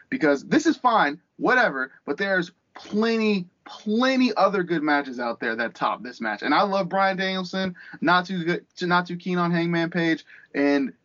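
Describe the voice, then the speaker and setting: A man's voice: high voice, lively intonation, moderate pace, hardly any pauses, a bit bright, dull audio. A man co-hosting a podcast, ranting heatedly and sarcastically with a lot of swearing. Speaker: podcast co-host.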